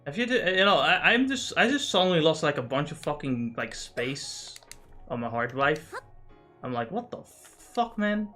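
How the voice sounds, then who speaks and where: Profane rambling male streamer, pitch a touch high. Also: normal speed, pushed and bright, faint music behind. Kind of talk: casual gaming livestream chat.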